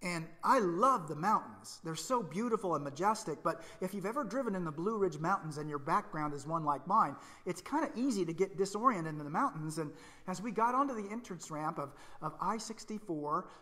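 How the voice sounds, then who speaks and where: Middle-aged man, pastor preaching, storytelling with gentle humor, slightly high voice, long church reverb. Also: animated, fairly quick. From Indiana. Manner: storytelling, self-deprecating humor, then soft and earnest. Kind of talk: sermon. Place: church sanctuary.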